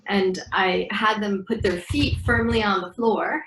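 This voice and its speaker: A woman's voice: mid-range voice, unhurried, noisy background. A middle-aged woman, a breathwork teacher, guiding breathing exercises and acting out dialogue as she tells stories in an interview. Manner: animated storyteller acting out dialogue. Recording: echoey room.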